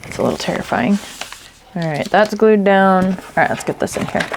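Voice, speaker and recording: A woman's voice: medium pitch, normal speed, creaky, slight background noise. A woman hosting a crafting video, chatting casually and thinking aloud as she works, with a tickle in her throat. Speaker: crafting channel host.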